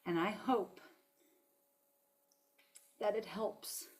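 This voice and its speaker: A woman's voice: medium pitch, steady tone, very slow. A woman giving a heartfelt motivational talk on self-love, emphatic and emotional, often saying "y'all". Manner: emphatic, preachy, uses "y'all". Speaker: spiritual self-help speaker.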